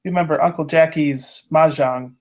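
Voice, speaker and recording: A man's voice: fairly high pitch, steady tone, moderate pace. A man playing a tabletop game, speaking in character in a casual, hesitant way with many restarts. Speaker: player. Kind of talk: in-character tabletop role-play.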